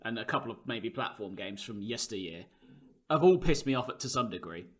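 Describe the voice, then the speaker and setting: A man's voice: lowish voice, lively intonation, a little fast. A man co-hosting a podcast, dry and teasing in casual chat. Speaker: podcast co-host.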